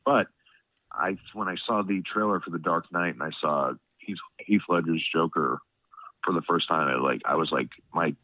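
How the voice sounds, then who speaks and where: A man's voice: deep voice, normal speed, no echo. A man hosting a casual podcast chat, rambling and padding his talk with "you know what I mean", his nose stuffed up. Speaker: podcast host. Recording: tinny phone-like line, dry.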